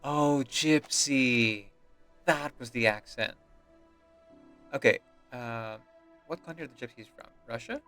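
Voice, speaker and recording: Bright-voiced man giving chatty commentary. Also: mid-range voice, moderate pace, long pauses, faint music behind. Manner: chatty, musing, with filler ums. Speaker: voice actor and streamer. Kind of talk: casual reaction commentary.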